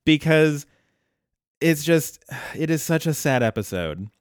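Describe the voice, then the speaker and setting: A man hosts a podcast and walks through a cartoon episode scene by scene. His voice is smooth and resonant, recorded close and dry, with a relaxed storytelling flow. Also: fairly high pitch, a little slow, no echo. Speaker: podcast host. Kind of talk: casual podcast chat.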